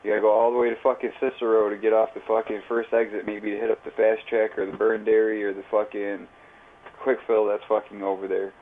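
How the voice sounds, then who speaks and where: A man's voice: fairly low pitch, little pitch movement, brisk, a little hiss or hum. A man telling a rambling, profane story in casual, slang-heavy chat while livestreaming. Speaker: live streamer. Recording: tinny phone-like audio.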